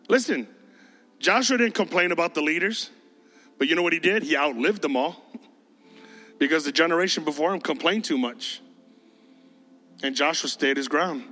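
A man's voice: fairly high pitch, pushed and bright, in a large hall. A man preaching to his youth group in a casual, joking way, often mimicking teenagers' voices. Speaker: youth pastor. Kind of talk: sermon.

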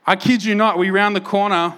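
A man preaching a sermon, telling stories and acting out quotes with lively energy. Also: high voice, a little fast. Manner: animated storytelling, acts out quotes loudly. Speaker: pastor.

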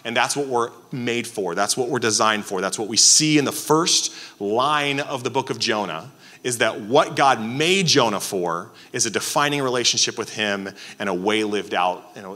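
Brief: a male pastor preaching casually, slightly low voice, long hall echo. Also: moderate pace, pushed and bright. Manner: conversational, many fillers and restarts. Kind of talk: sermon.

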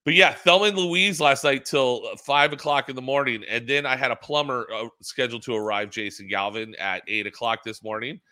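A man's voice: medium pitch, fairly quick, few pauses. A middle-aged man co-hosting a casual racing talk show on a video call, telling rambling stories with lots of restarts. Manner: rambling storyteller, animated, many restarts. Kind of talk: casual chat. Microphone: laptop built-in camera mic on a video call.

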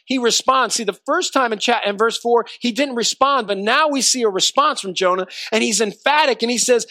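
A man's voice: very high-pitched, moderate pace, few pauses, bright, forceful tone, no echo. A male pastor preaching a sermon emphatically, his intensity building as he goes.

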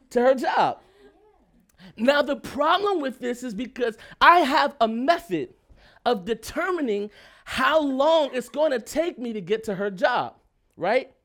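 A man telling a personal story in a lively, emphatic, casual way, often checking in with his listeners and laughing as he talks. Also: extremely high pitch. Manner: laughs while talking.

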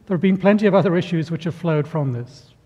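A middle-aged man delivers a sermon, pausing deliberately between phrases. His voice is warm and a little husky, sitting somewhat high for a man. It carries with a long reverb, as if in a church hall. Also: highs cut off. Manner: storytelling with acted voices, measured pauses. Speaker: pastor.

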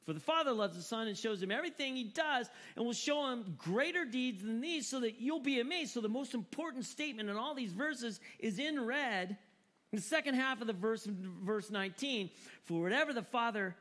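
A man preaching a sermon in an animated, joking way, often repeating words for emphasis. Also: very high voice, moderate pace. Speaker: pastor.

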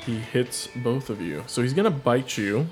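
A man's voice: mid-range voice, animated, normal speed, soft background music. A man running a tabletop game as game master, narrating attacks and teasing his players.

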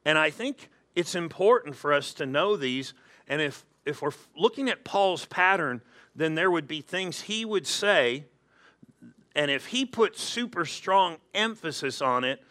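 A man preaching a sermon in church, animated and acting out quoted voices. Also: fairly high pitch, a little slow. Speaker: pastor.

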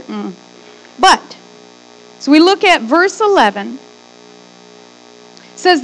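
A woman pastor preaching a sermon in a lively way, with joking asides. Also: high-pitched, low-quality recording.

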